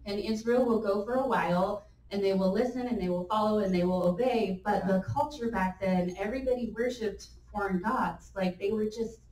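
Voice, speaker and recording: A woman delivers a conversational church teaching and tells the story with energy and laughing asides. She sits back from the microphone, so the room echo is clear, and a faint ambient hum sits under her voice. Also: medium pitch, moderate pace, hardly any pauses, a little mellow. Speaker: church speaker. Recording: echoey room, mic at a distance.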